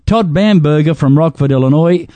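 A man's voice: a little high, normal speed, mellow, no room sound. A man hosting a radio pledge drive, reading donor names in a jokey way and stumbling over the pronunciations. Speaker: radio host.

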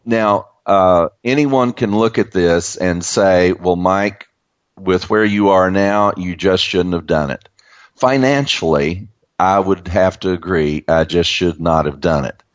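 A man with a very deep voice talks on a radio show in a rambling, self-deprecating way. The sound is dry and close, with a dull, lo-fi tone. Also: slow pace, dry recording. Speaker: guest on the show. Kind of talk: casual radio chat. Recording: dry, dull lo-fi broadcast audio.

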